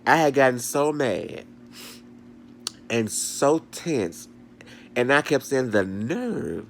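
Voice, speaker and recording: A man's voice: medium pitch, big pitch swings, takes it slowly, vocal fry, long pauses, a little hiss or hum. A man telling a story at home, laughing a lot and retelling it dramatically. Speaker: vlogger. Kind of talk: animated storytime rant. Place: bedroom at home.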